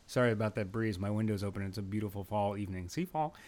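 A man's voice: lowish voice, fairly even intonation, fast, a little mellow. Rambling young man hosting a podcast. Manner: rambling, self-deprecating, earnest storytelling. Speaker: podcast host. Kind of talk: casual solo podcast monologue. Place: home room with an open window. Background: occasional breeze from an open window.

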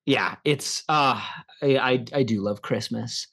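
A man's voice: mid-range voice, slow pace, a bit bright, breathy edge. A young man co-hosting a casual podcast about films, rambling with many restarts and fillers. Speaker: podcast co-host. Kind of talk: casual film chat.

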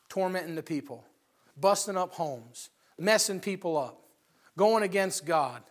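A man preaching a sermon in a folksy, conversational way, retelling stories with lively acted-out voices. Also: high-pitched, unhurried. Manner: animated storytelling, acting out characters' voices.

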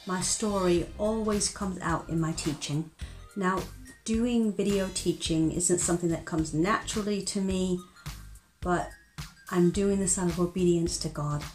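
A middle-aged woman from Chicago with a mixed American and British accent, giving earnest, gentle Christian teaching straight to camera. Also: fairly low pitch, measured pace, faint music behind. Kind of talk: direct-to-camera faith teaching.

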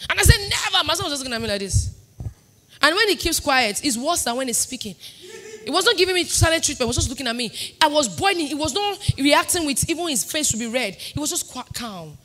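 Lively, high-voiced Nigerian woman preacher. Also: fast. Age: 30s. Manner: emphatic, sing-song preaching with sudden swings from loud to soft. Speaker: pastor. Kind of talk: sermon.

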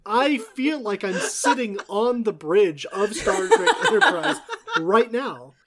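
A woman's voice: fairly high pitch, big pitch swings, slow pace, crowd noise. A woman from Florida co-hosting a casual podcast chat, wry and joking. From Florida, United States. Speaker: podcast co-host.

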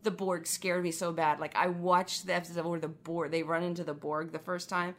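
A woman co-hosting a casual fan discussion, animated and quick to laugh as she tells stories. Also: lowish voice. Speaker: podcast co-host.

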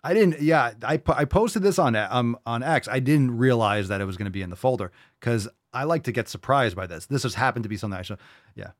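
Male host, brash mocking reactor; animated delivery, dry studio sound. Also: medium pitch, fairly quick, no room sound. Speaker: podcast host. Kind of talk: reaction commentary.

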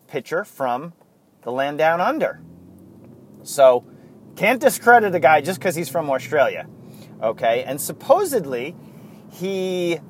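A man's voice: a little high, slight background noise. A man hosting a casual sports talk show, rambling and interrupting himself, chuckling often as he goes.

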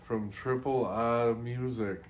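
A man's voice: mid-range voice, steady tone, slow pace. A man co-hosting a podcast in casual chat, dry and teasing as he introduces songs. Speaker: podcast co-host. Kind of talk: casual music reaction chat.

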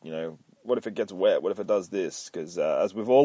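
A man's voice: low voice, fairly quick, few pauses, warm tone, no room sound. A man hosting a podcast, recapping a comic book in a profane, rambling, self-mocking way. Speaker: podcast host.

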